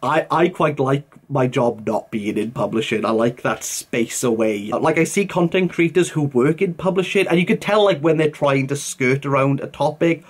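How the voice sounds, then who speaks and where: A young man, chatting casually to camera as a book vlogger. He answers viewer comments in an animated way, full of fillers and British slang. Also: mid-range voice, moderate pace, hardly any pauses, slightly rough.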